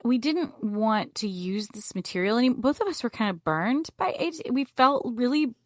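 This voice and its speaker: A middle-aged woman telling a personal story as a podcast guest, vivid and animated. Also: on the high side, normal speed, dry recording, studio quality.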